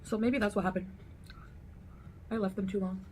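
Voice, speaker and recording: A woman chatting casually and relaxed between bites during a mukbang video. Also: mid-range voice, normal speed, a little hiss or hum. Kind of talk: casual chat while eating on camera.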